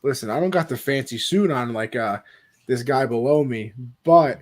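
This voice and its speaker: A man's voice: mid-range voice, moderate pace. A man hosting a casual online mock draft show as its commissioner. He talks in a playful, joking way and shifts into an announcer tone.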